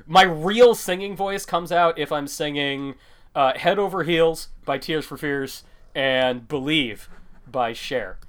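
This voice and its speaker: A man co-hosting a podcast, chatting casually. His voice sits a little high for a man. He is animated and jokey, often breaking into laughter. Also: slow. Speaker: podcast co-host. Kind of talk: casual chat.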